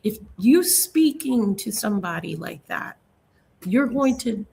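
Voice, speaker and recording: A woman's voice: mid-range voice, animated, unhurried, gravelly, warm tone, breathy edge. A woman on a live panel discussion, speaking in an earnest, emphatic, teaching manner.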